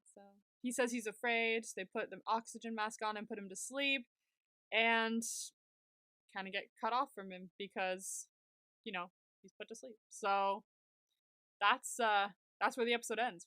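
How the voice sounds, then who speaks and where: A woman's voice: medium pitch, moderate pace, pushed and bright, dry recording. A young woman co-hosting a podcast, animatedly retelling a TV episode in casual chat, full of "like" and fillers. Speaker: podcast co-host.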